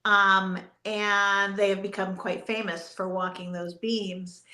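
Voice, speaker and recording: A woman's voice: mid-range voice, flat delivery, takes it slowly, bright, forceful tone. A woman, a stage actress, speaking as a guest in an interview in a frank, matter-of-fact way. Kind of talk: casual chat interview. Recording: roomy, echoey sound.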